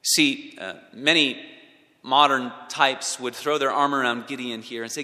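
A man's voice: steady tone, measured pace. Man preaching in a reverberant hall. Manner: dynamic preaching, swinging from loud emphatic peaks to hushed low passages. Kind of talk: sermon. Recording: long reverb of a large hall.

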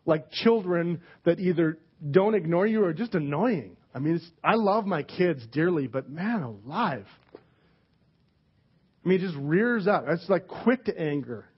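A man's voice: on the high side, lively intonation, measured pace, husky. A man, preaching a casual sermon with candid jokes and acted-out quotes. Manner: candid, joking, acts out quoted people. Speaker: pastor. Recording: dull lo-fi sermon recording.

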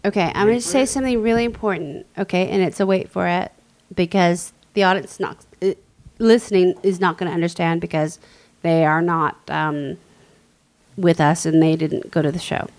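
A woman talking with an earnest, deliberate manner in a casual chat on stage. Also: fairly low pitch, steady tone, darkish tone.

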